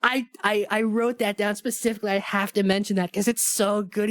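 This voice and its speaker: A man's voice: high-pitched, little pitch movement, brisk, no echo. A man co-hosting a casual movie review podcast, talking enthusiastically and rambling with many restarts. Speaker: podcast co-host. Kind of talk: casual film review chat.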